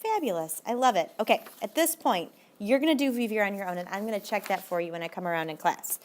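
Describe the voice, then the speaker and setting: Speaking in an expressive, mid-range voice, a woman gives an upbeat recorded lesson and encourages her learners. She takes her Spanish examples slowly, stretching them out.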